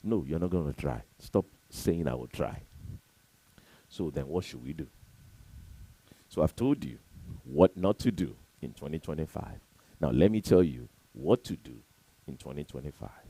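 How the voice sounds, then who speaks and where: A man giving an emphatic, preachy motivational talk to camera, repeating his points and swinging between loud and soft. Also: rumbling low, sing-song, moderate pace, gravelly, pauses often, husky, rough recording. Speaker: motivational speaker.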